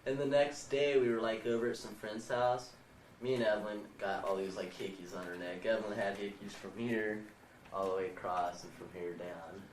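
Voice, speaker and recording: A man's voice: on the low side, level tone, normal speed. A seventeen-year-old boy telling a rambling, profane story as he is interviewed at a house. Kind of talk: casual storytelling. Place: indoors in a house. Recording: roomy, distant, noisy 1990 home video.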